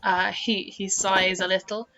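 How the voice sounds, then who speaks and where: A woman narrating as game master of a tabletop game, with quick, lively delivery. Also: medium pitch, rough recording.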